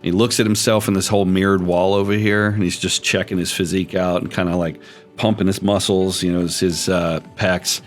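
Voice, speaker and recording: A man's voice: sits low, level tone, a little fast, soft background music. A man narrating as game master, describing scenes in a loose, rambling way.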